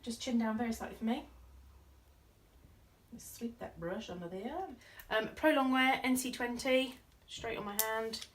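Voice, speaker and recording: A makeup artist talks through a look as she works, chatting casually and playfully with giggly asides. Her voice is on the high side and unhurried. The mic sits slightly distant and picks up faint noise.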